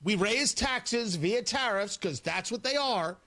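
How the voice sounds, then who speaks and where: A man's voice: high voice, expressive, measured pace, pushed and bright. A man hosting a morning talk radio show in a studio, delivering an indignant, sarcastic monologue with emphatic jabs. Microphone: studio microphone.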